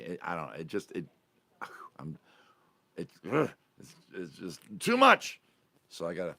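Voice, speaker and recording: A middle-aged man hosting a casual coffee chat with his supporters, rambling and often breaking off mid-sentence. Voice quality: low gravelly voice. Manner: rambling, self-interrupting, chatty. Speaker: entertainer and vlog host.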